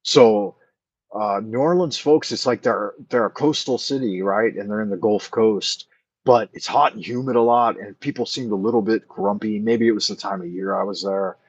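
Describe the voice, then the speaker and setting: A man with a low, husky voice rambles through a casual late-night chat, thinking aloud and filling pauses with "uh" as he answers viewers. The sound is dry and dull, with a muffled lo-fi edge. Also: no room sound. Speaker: livestream host answering chat.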